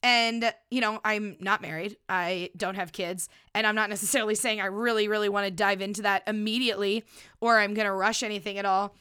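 Speaking fairly quickly with fairly even intonation, this thirties podcast host jokes around casually on her own show, cursing freely. Her medium-pitched voice sounds pushed, bright and clean through a studio microphone.

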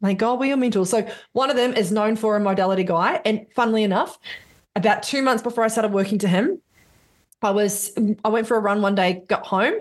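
A woman's voice: mid-range voice, brisk. A woman, a business coach, telling her story in a casual podcast interview, swearing freely and acting out quotes.

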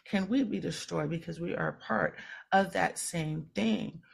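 A woman speaking as a podcast guest, teaching spiritual ideas slowly and earnestly and repeating phrases for weight. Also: fairly low pitch, creaky, breathy edge. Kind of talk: casual podcast conversation.

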